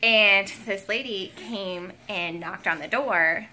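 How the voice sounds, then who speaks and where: Bright-voiced young woman, chatty vlog. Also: mid-range voice, slow pace, slight background noise. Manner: emotional, lots of fillers like "um" and "like". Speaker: vlogger. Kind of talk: casual storytelling to camera. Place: at home.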